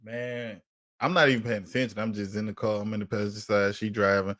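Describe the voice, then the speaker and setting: A man on a casual podcast telling a story in an animated, profane way and acting out the quotes. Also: lowish voice, fast, dry recording. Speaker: podcast co-host.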